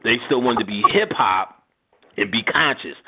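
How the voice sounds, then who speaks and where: A husky middle-aged man hosts a call-in style show, talking in a loose, profane, storytelling way with frequent laughter. His voice swings widely in pitch as he acts out other people's lines, and it comes through a narrow, phone-like line. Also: expressive, normal speed. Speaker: radio show host. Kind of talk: casual storytelling chat.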